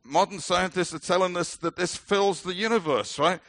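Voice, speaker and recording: A middle-aged British minister delivers a sermon in a fairly high, earnest voice, leaning hard on key words and poking gentle fun at himself. The sound is dry and close, with no room around it. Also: male voice, moderate pace, dry recording. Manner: earnest, emphatic, with light self-deprecating humor.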